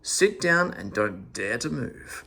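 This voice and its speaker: A man voicing Mother Hey-Ho, a fierce old woman who scolds and yells, in a storybook reading. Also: very animated, slow, creaky, breathy edge, exaggerated voice. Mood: furious. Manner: yelling, shrill scolding. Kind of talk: storybook read-aloud.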